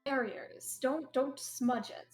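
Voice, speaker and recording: A woman playing a tabletop game, chatty and quick to react. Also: high-pitched, fairly even intonation, faint music behind. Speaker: player.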